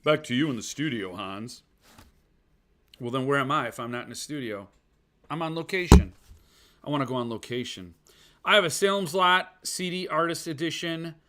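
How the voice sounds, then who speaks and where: A man with a slightly high, bright, forceful voice hosts a casual live stream. He rambles and reads viewer comments aloud, answering with jokey, self-deprecating asides. His talk wanders and restarts as he chats with the viewers. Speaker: podcast host.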